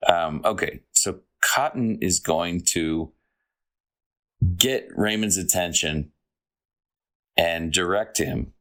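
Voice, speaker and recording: A man's voice: sits low, slow pace, pauses often, a bit bright. A man playing a tabletop game, describing his character's moves in a laid-back, jokey way. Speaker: player. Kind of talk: casual tabletop play.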